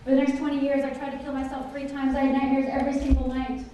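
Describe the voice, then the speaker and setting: A middle-aged woman telling a personal story to a conference audience, animated and often asking the listeners questions. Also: sits high, quick pace, far from the mic, a little hiss or hum. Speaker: conference speaker. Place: large conference hall. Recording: echoey hall, voice picked up from afar.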